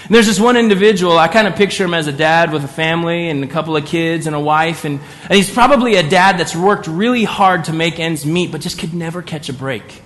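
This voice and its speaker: A man's voice: fairly high pitch, a little fast, few pauses. Man retelling a parable, big hall. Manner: vivid, imaginative retelling, swinging between loud and hushed. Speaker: pastor. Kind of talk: sermon storytelling.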